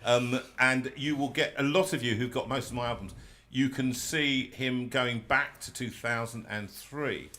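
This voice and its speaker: A man's voice: medium pitch, steady tone, unhurried, few pauses, bright, forceful tone. A man hosting a live music stream, chatting casually with a guest and explaining things for viewers. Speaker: host.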